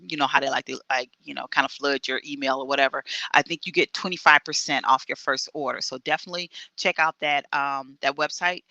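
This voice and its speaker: A woman's voice: sits low, bright, forceful tone, dry recording. A middle-aged woman talking earnestly on an online radio show over a video call, with frequent restarts. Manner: earnest and halting, many restarts.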